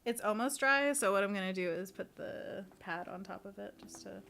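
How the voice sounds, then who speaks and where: A young woman co-hosts a painting livestream, chatting casually and playfully and giggling often. Her voice is medium-pitched, a bit bright, and moderately paced. Faint music plays in the background.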